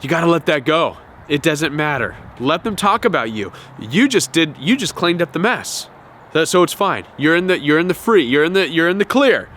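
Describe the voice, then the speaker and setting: Animated man giving self-help advice. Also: a little high, moderate pace, a little hiss or hum. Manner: animated, acts out quoted voices, repeats words. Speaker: self-help video host. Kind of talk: advice talk to camera.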